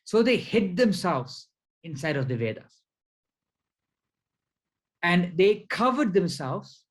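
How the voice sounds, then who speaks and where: A man teaching a spiritual lecture at an unhurried, measured pace, his voice sitting a little higher than most men's. He explains carefully, often pausing on fillers as he works through each point. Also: low-quality recording. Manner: slow, deliberate explaining with frequent fillers; counts syllables aloud one by one. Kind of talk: lecture with slides.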